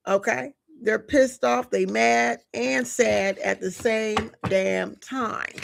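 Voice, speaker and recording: Woman doing a live tarot reading, slow and laid back, kinda gravelly, casual slangy talk to her viewers. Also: on the high side, fairly even intonation, slight background noise. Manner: chatty with frequent filler asides. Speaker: tarot reader.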